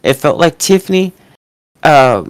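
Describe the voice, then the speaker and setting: A woman's voice: low-pitched, sing-song, measured pace, no echo. A woman co-hosting a wrestling podcast, ranting casually with lots of swearing and mocking impressions. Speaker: podcast co-host.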